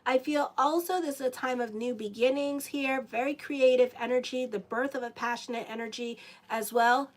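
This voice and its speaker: A woman reading tarot cards in a relaxed, chatty way, often breaking off to talk to viewers and to her pets. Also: high-pitched, normal speed. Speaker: astrologer and tarot reader. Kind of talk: casual live tarot reading.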